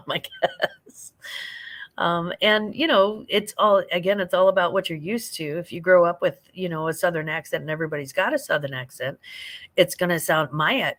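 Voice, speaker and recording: An older woman from St. Louis, talking loosely through a late-night livestream. Her voice sits on the low side for a woman. She rambles, laughs easily and answers viewer comments as they come in. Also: fairly bright tone. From St. Louis, Missouri. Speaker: livestream host.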